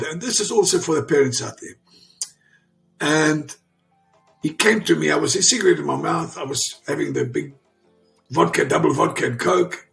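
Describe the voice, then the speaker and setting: Man in his sixties, interview guest. Raspy, fairly high voice, emphatic and repetitive. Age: 60s. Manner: emphatic and repetitive, restarts sentences. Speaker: interview guest, father of a champion. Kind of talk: emotional storytelling in conversation.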